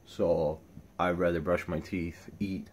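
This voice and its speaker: A man's voice: flat delivery, takes it slowly, breathy edge. A man vlogging casually, thinking aloud and chatting about his day and his dogs. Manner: talks softly to his pets in a higher baby voice. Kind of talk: casual vlog.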